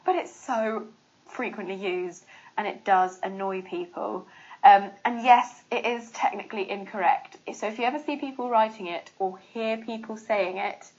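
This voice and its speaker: A young woman with a British accent, giving a casual English lesson to camera in a chatty, expressive way. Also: mid-range voice, highs cut off. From Britain. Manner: chatty and expressive, quick laughs, playful mock examples. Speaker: English teacher.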